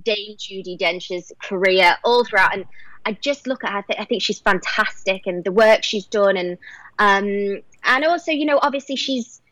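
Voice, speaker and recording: A woman's voice: mid-range voice, moderate pace, fairly bright tone. A young woman with a light Liverpool accent talks casually as an interview guest. She is chatty and eager, laughing easily between thoughts. The sound is dry and close, with no room echo. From England. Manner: chatty, enthusiastic, laughs often. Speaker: actress and singer, guest.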